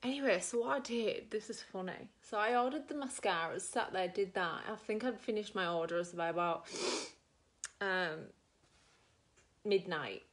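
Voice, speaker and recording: A woman's voice: mid-range voice, moderate pace. A middle-aged woman with an Australian accent, doing her makeup on camera and telling a long rambling story full of fillers. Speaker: makeup vlogger.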